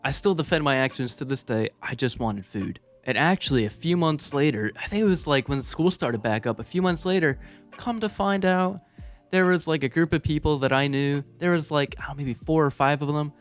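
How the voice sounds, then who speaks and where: A man's voice: fairly high pitch, brisk, faint music behind. A man telling a personal story to his viewers in a casual, laid-back, profane way, with chuckling asides. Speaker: storytelling vlogger.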